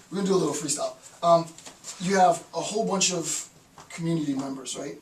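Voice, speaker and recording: A man with a fairly high voice lectures off the cuff, often tagging his points with "right?" and restarting sentences. He is heard from some distance in a roomy, echoing space, with a faint hiss underneath. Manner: rambling, frequent "right?" tag questions, restarts. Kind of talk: informal recorded lecture.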